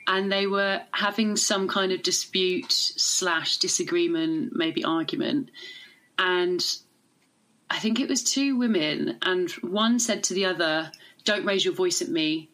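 A woman talks in a candid, sweary way. Her voice sits a little low for a woman, and she tells stories with animation. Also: takes it slowly, a bit bright. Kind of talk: casual chat.

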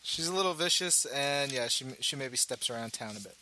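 Bright-voiced chatty man, faint hiss. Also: medium pitch, animated, a little fast, poor audio. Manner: chatty, laughs often. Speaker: podcast host. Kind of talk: casual comics chat.

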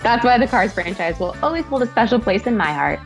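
A woman's voice: on the high side, big pitch swings, a little fast, faint music behind. A woman hosting an entertainment interview, bubbly and gushing as she introduces guests. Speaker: show host. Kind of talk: upbeat presenter interview.

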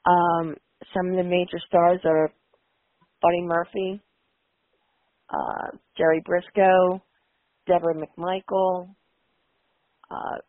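Low-voiced, hesitant woman on the radio. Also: slow, pauses often, no echo. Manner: hesitant, searching for names. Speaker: radio show co-host. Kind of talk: casual radio talk. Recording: dry, phone-like lo-fi audio.

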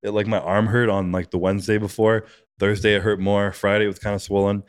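A man with a very low voice speaks quickly and loosely, filling every thought with "like" and dropping curse words as he goes. The sound is close and dry, with no room around it, as in a podcast studio. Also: little pitch movement, clean tone, no echo. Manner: rambling, fillers of "like", frequent swearing. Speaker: podcast guest, bodybuilding competitor. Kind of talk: casual podcast conversation.

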